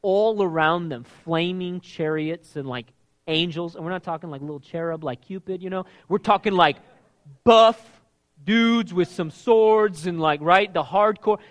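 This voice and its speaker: A man preaching a sermon with a high voice that climbs as he gets fired up. He is emphatic and animated and sounds middle-aged. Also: unhurried. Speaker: pastor.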